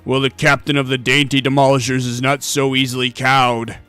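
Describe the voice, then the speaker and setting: A man voicing a boastful, gruff male pirate captain in a video game playthrough. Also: medium pitch, moderate pace, sharp tone, natural voice. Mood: defiant. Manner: gruff, puffed-up and defiant.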